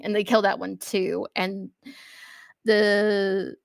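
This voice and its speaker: A woman's voice: medium pitch, unhurried, gravelly, no room sound. Chatty woman podcaster, dry close mic. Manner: chatty, lots of fillers, animated retelling with acted-out shouts. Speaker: podcast co-host. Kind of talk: casual film discussion.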